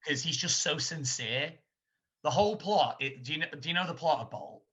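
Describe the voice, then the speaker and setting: Man rambling animatedly, bright voice. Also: on the high side, normal speed. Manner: rambling, animated, laughs while retelling scenes. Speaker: podcast co-host. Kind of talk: casual film chat. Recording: dull lo-fi sound.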